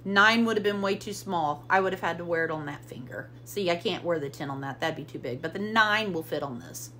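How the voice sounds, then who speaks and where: A woman's voice: fairly low pitch, fairly quick, pushed and bright, slight background noise. A middle-aged woman chatting casually through a shopping haul at home, rambling and easily amused. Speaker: vlogger showing a shopping haul.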